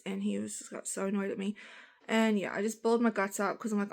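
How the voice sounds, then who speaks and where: An Australian woman in a casual, rambling vlog chat, talking on and on in loose run-on sentences. She sounds tired and groggy, with a mid-pitched voice. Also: steady tone, fairly quick, vocal fry. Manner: rambling, frank, speaks in long run-on sentences. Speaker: vlogger.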